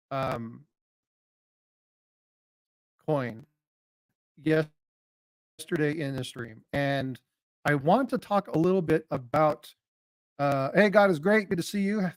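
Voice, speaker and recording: Man with a drawl, friendly streamer chatting with his viewers, slightly high voice, dry sound. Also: a bit bright, dry recording. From North Carolina. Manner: folksy, greets viewers by name, jokey. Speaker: livestream host. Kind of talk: casual livestream chat.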